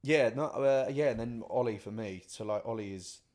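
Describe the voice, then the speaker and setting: A man chatting casually as a podcast co-host, an animated storyteller. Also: medium pitch, normal speed. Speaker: podcast co-host, session singer. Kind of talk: casual chat.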